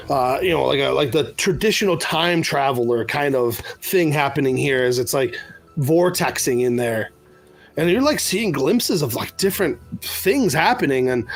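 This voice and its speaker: A man running a tabletop game as game master, describing scenes loosely with fillers. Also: a little high.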